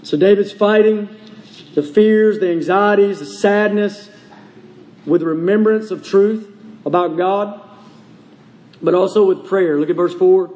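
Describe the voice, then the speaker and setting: High-voiced man preaching in a reverberant hall. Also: expressive, mellow. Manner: earnest preaching, slows and drops low on key phrases. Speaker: pastor. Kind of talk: sermon.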